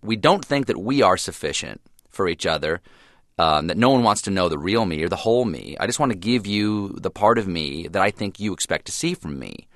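A very low-pitched man being interviewed in a studio. He muses thoughtfully, restarting sentences and letting them trail off, then rushing ahead in sudden bursts. The sound is close and dry. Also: expressive, a bit bright, dry recording. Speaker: guest. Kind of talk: reflective radio interview.

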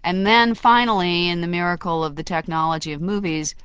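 A woman dialect coach on radio, talks crisp and precise, lowish smooth voice, dry studio sound. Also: fairly even intonation, brisk, fairly bright tone, no room sound, lo-fi sound. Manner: articulate and precise, explaining her craft. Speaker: dialect coach, interview guest. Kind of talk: radio interview.

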